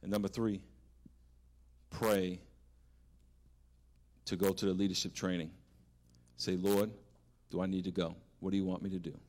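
Guy pastor preaching a sermon, kinda low voice, gets loud and fired up then goes quiet to pray. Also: normal speed, long pauses. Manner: animated preaching with big rises and hushed prayer.

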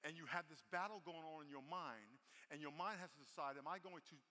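A man preaching a sermon as pastor, animated, acting out prayers and inner voices. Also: on the high side, fairly quick, long reverb tail.

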